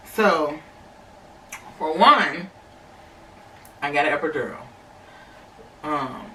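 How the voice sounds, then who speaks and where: A woman's voice: sits low, a bit bright, a little hiss or hum. A young adult woman casually telling a personal story to her viewers, chatty, with many fillers. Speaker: vlogger. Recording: echoey room, slightly distant mic.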